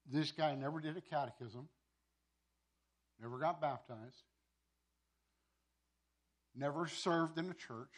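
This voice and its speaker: A pastor telling a sermon story, with many repeated words and restarts. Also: male voice, a little high, slow pace, pauses often.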